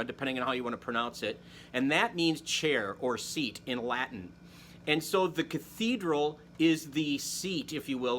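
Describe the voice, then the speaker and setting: A man's voice: mid-range voice, a bit bright, slight background noise. A man from Wisconsin hosting a casual, friendly talk about church history, with self-deprecating asides. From Wisconsin, United States. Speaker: host. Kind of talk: casual catechetical talk to camera.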